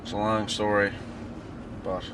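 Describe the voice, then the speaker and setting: A man with a Newfoundland accent playing a shady, evasive rapper who gives quick, mumbled interview answers. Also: fairly low pitch, level tone, natural voice. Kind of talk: mockumentary interview. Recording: distant mic with street noise.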